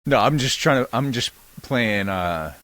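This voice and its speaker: A man's voice: mid-range voice, expressive, a bit bright. A man co-hosting a podcast who muses in a hesitant way while playing devil's advocate in casual talk. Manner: slow, musing, hesitant. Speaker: podcast co-host. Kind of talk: casual conversation.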